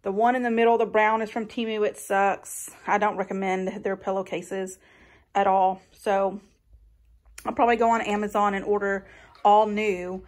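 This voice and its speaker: A woman's voice: mid-range voice, little pitch movement, normal speed. A young woman, chatting casually to camera at home about her makeover plans. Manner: chatty and folksy, addresses viewers as y'all.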